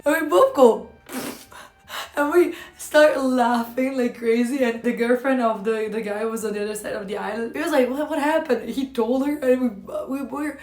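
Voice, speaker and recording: Lively young woman telling a story. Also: high-pitched. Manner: animated, laughs through the funny parts. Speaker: streamer telling a travel story. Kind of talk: casual storytelling. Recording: echoey room with faint music.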